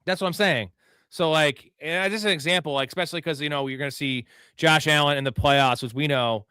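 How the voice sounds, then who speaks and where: A man's voice: a little high, brisk, sharp tone, clean tone, dry recording, studio quality. A man hosting a live fantasy football show, talking in a casual, rambling, profane way.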